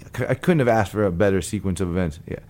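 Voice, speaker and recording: Man, fairly low voice, from Long Beach, blues guitarist, lively storyteller, acts out the people in his story. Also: racing. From Long Beach, California. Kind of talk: animated storytelling.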